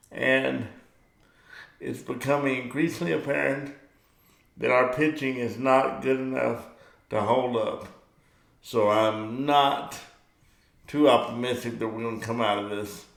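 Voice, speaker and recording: A man's voice: medium pitch, echoey room. A middle-aged man hosting his own video show, chatting casually and rambling, and he gets worked up when talking sports. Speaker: vlog host. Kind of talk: casual monologue to camera.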